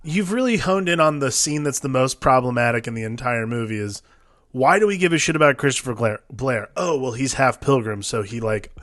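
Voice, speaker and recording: A man's voice: medium pitch, a little fast, fairly bright tone, dry recording. Male podcast co-host, medium voice, dry close sound, laid-back casual banter. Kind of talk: casual film review chat.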